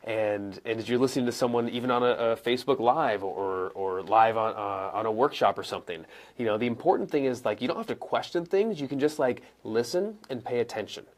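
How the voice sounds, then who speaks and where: A young adult man coaching live viewers in a casual, conversational way, acting out examples with pauses and emphasis. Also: mid-range voice. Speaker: coach and speaker answering viewer questions. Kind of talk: live-streamed teaching. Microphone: camera mic, moves around and sits back down.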